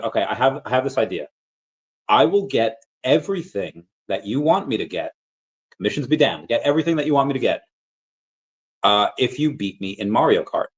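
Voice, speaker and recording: A man with a lowish voice hosts a casual livestream as a crypto collectibles vlogger. He rambles through stories, restarting often and using lots of fillers, and the audio is dull.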